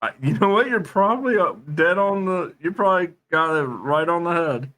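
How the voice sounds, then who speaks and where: A man's voice: high-pitched, lively intonation, moderate pace, bright, forceful tone. A man co-hosting a casual podcast, acting out little scenes and swearing. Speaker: podcast co-host.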